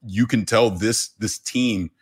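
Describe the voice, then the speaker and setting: A man's voice: on the low side, takes it slowly, slightly rough. A man appearing as a guest on a casual podcast, talking with effusive enthusiasm.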